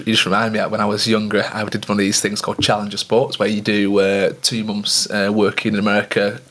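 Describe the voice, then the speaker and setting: A man's voice: fairly low pitch, completely flat delivery, quick pace, a bit bright. A man co-hosting a podcast, chatting casually and telling stories. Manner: chatty storyteller. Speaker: podcast co-host.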